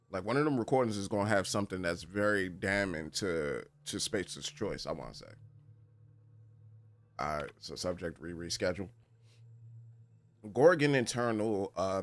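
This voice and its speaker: A man with a fairly low voice gives casual commentary while streaming a game. He reads in-game messages aloud and laughs often. His pitch swings widely as he reacts. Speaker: gaming streamer.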